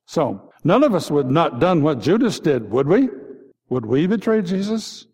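A man's voice: on the high side, big pitch swings, measured pace, a little mellow, slightly rough. A man preaching a Good Friday sermon as a pastor, reflective and posing repeated rhetorical questions. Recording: long reverb.

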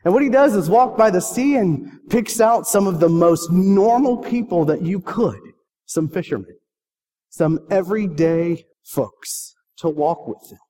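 A man preaching in a big reverberant hall, his voice a touch higher than most men's. He tells stories and asks his listeners heartfelt questions, the sound trailing off into a long echo. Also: lively intonation, unhurried, warm tone. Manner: storytelling, earnest questions. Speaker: pastor. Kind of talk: sermon.

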